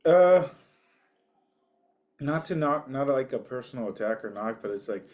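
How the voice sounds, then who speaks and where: A man's voice: mid-range voice, animated, measured pace, a little mellow. A man co-hosting a podcast, chatting in an easygoing, agreeable way over cigars and whiskey. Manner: easygoing, agreeable, lots of yeahs and likes. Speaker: podcast co-host.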